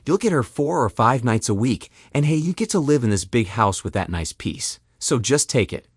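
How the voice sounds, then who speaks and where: A man's voice: mid-range voice, expressive, normal speed, slightly rough, no room sound, studio quality. A man voicing a smug, brash young lover in a casual, dismissive manner.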